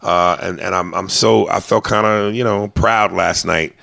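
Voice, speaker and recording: A man's voice: deep voice, fairly even intonation, unhurried, creaky, bright, forceful tone, no echo, clean studio sound. A male comedian hosting a podcast, chatting casually in a rambling, profane way with many restarts.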